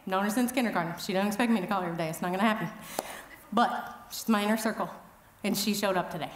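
A middle-aged woman speaking at an event, telling funny, self-deprecating stories in a chatty, animated way. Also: mid-range voice, fast, echoey room, a little hiss or hum. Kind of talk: humorous storytelling talk. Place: event hall.

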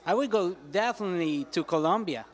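A man's voice: high voice, expressive, fairly quick. A man answering street interview questions in a rambling, hesitant way.

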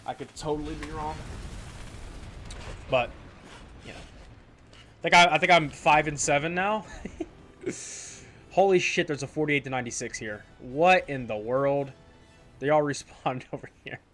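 A man's voice: a little high, measured pace, pauses often, a bit bright. A man casually commenting on his own online shooter gameplay, rambling and self-mocking, often repeating himself. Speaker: gaming channel host. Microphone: desk microphone in a squeaky chair. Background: faint game gunfire.

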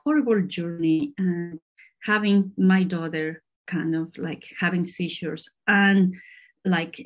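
A middle-aged woman scientist from Peru, answering interview questions in a halting way with many fillers and restarts. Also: on the low side, slightly rough. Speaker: scientist guest.

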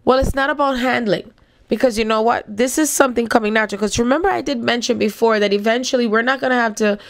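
A woman's voice: mid-range voice, vocal fry. A woman hosting a casual spiritual talk, speaking frankly and rambling, often repeating herself.

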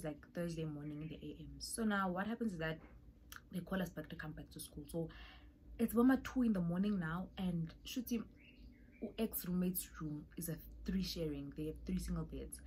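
A young South African woman with a South African accent, telling an animated storytime vlog and acting out the voices in it. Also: fairly low pitch, moderate pace, a little hiss or hum. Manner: animated, mixes in Zulu and Xhosa phrases, acts out voices. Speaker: YouTuber.

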